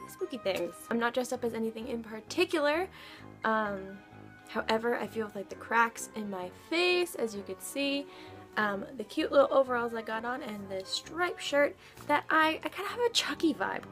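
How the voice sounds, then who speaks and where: A woman's voice: fairly high pitch, fairly bright tone. A woman in her twenties chatting to camera as a vlogger, telling stories casually, giggling and swearing now and then. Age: 20s.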